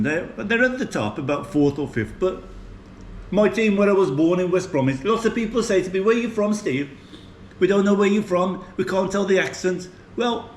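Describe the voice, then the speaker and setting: Older English man, light West Midlands accent, rambling casual food vlog, slightly high voice, echoey room with faint background hum. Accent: English, West Midlands with a Maltese tinge. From England, West Midlands. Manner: chatty, rambling, chuckling. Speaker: food vlogger.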